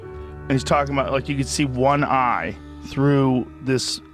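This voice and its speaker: A man's voice: mid-range voice, measured pace, faint music behind. A man hosting a podcast, telling vivid stories in casual chat with lots of swearing and emphatic repetition. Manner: animated, profane storytelling. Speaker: podcast host.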